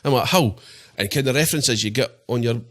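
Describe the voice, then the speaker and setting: A Scottish man talks quickly in a casual podcast chat, with a middle pitch for a man. He swears freely and drops into the voices of people in his stories as he tells them. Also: fairly bright tone. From Scotland. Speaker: podcast guest.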